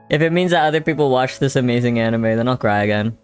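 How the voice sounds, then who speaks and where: A man's voice: medium pitch, steady tone, a little fast, few pauses, smooth, soft background music. A young man streaming live while drawing, chatting casually with his chat in a rambling way and swearing freely.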